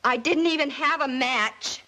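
A woman's voice: sits high, a little slow, pushed and bright, rough recording. A young actress playing a shy, frightened teenage girl in a 1950s TV drama, timid and pleading. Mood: desperate.

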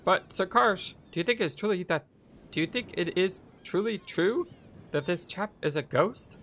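A man's voice: high-pitched, lively intonation, moderate pace, a bit bright, slight background noise, voice pushed up. A man voicing a fussy male soldier lackey who talks in a pompous, wordy, fawning way. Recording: music playing behind voice.

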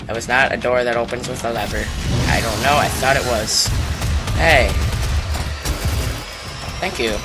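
A young man giving casual, rambling commentary on a shooter game, mocking himself and loudly taunting the enemies. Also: mid-range voice, fairly even intonation, a little fast. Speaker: gaming YouTuber. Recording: game music playing behind the voice.

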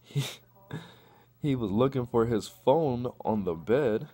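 Profane animated man telling a crude story. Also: medium pitch, takes it slowly. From Chicago. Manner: profane, animated, acts out quotes. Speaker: vlogger.

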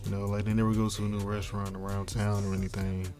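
A man's voice: lowish voice, completely flat delivery, fast talker, darkish tone. A stoned man ranting casually, rambling and profane, with frequent laughs. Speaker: vlogger. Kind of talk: casual rant. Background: faint background music.

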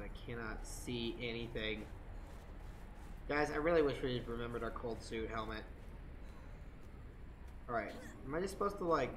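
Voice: medium pitch, a bit bright, slight background noise. Swearing, chatty gaming streamer. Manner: chatty, swears often, jokey asides. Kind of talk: casual gaming commentary.

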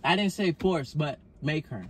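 A man's voice: a little high, animated, moderate pace, heavy background noise. A man, casually and insistently pressing his point during an argument in a parked car. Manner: insistent, repetitive, pushy. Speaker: vlogger, boyfriend.

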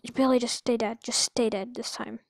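A woman giving goofy, rambling let's-play commentary with sudden excited outbursts. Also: on the high side, a little fast, vocal fry, dry recording. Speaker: gamer.

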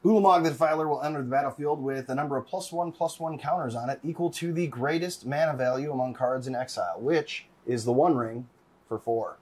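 A man playing a card game in casual chat, relaxed, reading card text aloud. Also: medium pitch, brisk, husky.

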